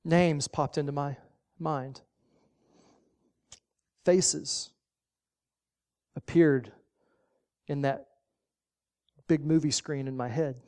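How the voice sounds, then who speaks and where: Folksy preacher with a mellow voice. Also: mid-range voice, steady tone, drawn-out words, pauses often. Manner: emphatic, repeats short commands, folksy asides. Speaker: pastor. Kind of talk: sermon.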